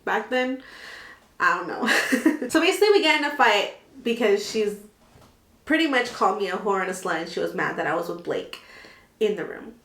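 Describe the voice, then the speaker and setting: A woman in her twenties telling a dramatic storytime vlog, animated and full of swearing. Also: mid-range voice, moderate pace, long pauses. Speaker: vlogger. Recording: echoey room.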